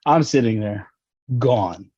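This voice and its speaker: A man from Texas with a warm, mellow voice telling laid-back, rambling stories and laughing at his own jokes. The sound is close and dry, on a slightly dull, lo-fi recording. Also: lowish voice, lively intonation, slow, no room sound. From Dallas, Texas. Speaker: guest. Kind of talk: casual storytelling chat. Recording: slightly dull, lo-fi podcast audio.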